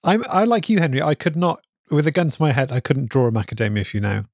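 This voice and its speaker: A man's voice: a little high, very animated, fast talker, a little mellow, dry recording, clean studio sound. A man co-hosting a comedy podcast, playful and teasing. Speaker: podcast co-host. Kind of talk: casual comedic chat.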